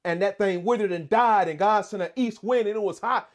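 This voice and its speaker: A man's voice: high voice, fairly quick, hardly any pauses. A man teaching a Bible study, reading scripture aloud and then preaching with growing fervor and call-and-response questions. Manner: reads scripture aloud, then rises to fervent, emphatic preaching; quizzes listeners with repeated "what?".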